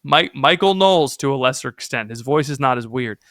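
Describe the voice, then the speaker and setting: A young man co-hosting a casual comedy podcast, joking and animated, laughing often. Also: medium pitch, fairly quick, dry recording, studio quality. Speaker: podcast co-host.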